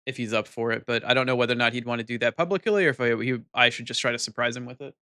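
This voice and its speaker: A man streaming and chatting casually with his viewers in an excitable way, swearing freely. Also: mid-range voice, rapid-fire, smooth, no echo, studio quality.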